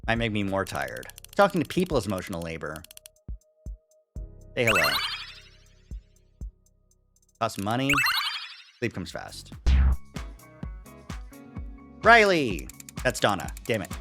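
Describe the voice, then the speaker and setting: A streamer playing through a story game live, reading choices aloud with wry, deadpan asides. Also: low-pitched, normal speed, pauses often, soft background music.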